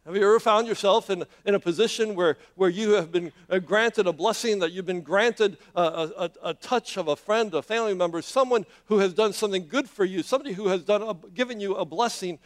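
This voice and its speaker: A man's voice: high-pitched, a little fast, hardly any pauses. A man preaching, retelling a scripture story in dramatic sermon style with frequent hesitations and repeated words.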